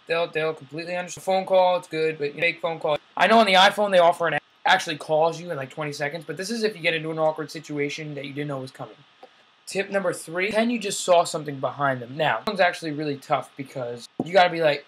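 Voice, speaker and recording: A man's voice: a little high, fast, a bit bright, rough recording. A young man hosting a casual comedic vlog, rambling and self-deprecating as he jokes through tips and acts out little quotes. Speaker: vlogger.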